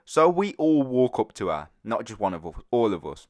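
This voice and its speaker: A teenage man, hosting a storytime video in a rambling, animated, casual way. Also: medium pitch, normal speed, no room sound. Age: teens. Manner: rambling, animated, with frequent fillers. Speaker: storytime channel host.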